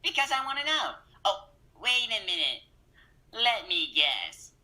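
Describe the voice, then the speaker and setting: Young man as a nosy teasing sidekick, bright and animated. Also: sits high, measured pace, pitched above the performer's own voice, exaggerated voice. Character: nosy pushy male sidekick.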